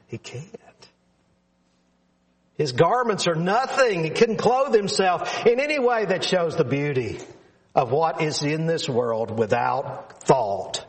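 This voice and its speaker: A man preaching a sermon to his congregation in an earnest, emphatic way, repeating phrases for stress. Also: medium pitch.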